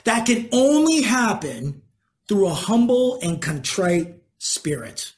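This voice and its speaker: Preacher, sermon teaching, conversational, questions to the listeners, slow emphasis and quick asides, middle pitch. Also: very animated. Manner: conversational, asks the congregation questions.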